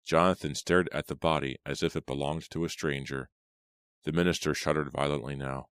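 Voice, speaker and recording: A man narrating an audiobook in a slow, measured and grave manner. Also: extremely low pitch, fairly even intonation, a bit bright, clear, resonant tone, no echo, studio quality. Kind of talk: scripted dramatic narration.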